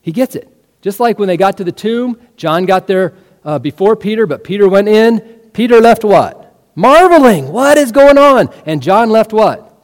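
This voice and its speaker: A male preacher with a high, very lively voice that climbs and drops as he tells the story. He keeps throwing questions back at the congregation. The sound carries a long reverb, as in a big church hall. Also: normal speed. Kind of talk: sermon.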